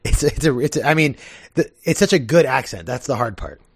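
A man's voice: mid-range voice, lively intonation, brisk, gravelly, breathy edge, no room sound. Male co-host, easy laugh, casual banter, dry close mic. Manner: amused, laughing often. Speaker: podcast co-host. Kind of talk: casual podcast chat.

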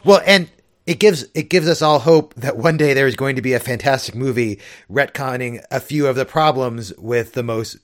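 A man's voice: mid-range voice, normal speed. A man co-hosting a casual chat who talks thoughtfully, hedging often with "like" and "I mean.". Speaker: podcast co-host.

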